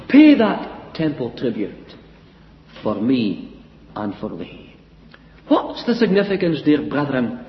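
A man preaching a sermon, his delivery swinging widely in pitch and loudness. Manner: expressive preaching with wide swings in pitch and volume. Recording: echoey hall, dull lo-fi sound.

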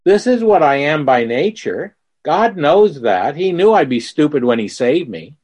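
A man preaching a sermon in a slow, earnest way, telling stories with quoted dialogue to make his point. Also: on the high side, sing-song, darkish tone, breathy edge. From Mississippi.

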